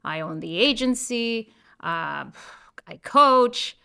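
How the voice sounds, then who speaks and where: A middle-aged woman from Colombia, talking as an interview guest in an emphatic, playful way with quick bursts. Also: a little high, expressive, vocal fry, pushed and bright, clean tone. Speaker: guest, real estate broker. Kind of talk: animated interview talk.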